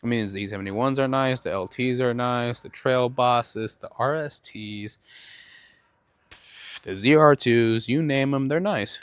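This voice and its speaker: A man's voice: mid-range voice, unhurried, clear, resonant tone, no room sound. Male podcast host, casual rambling storyteller, swears freely, dry close sound. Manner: profane, rambling, animated storytelling.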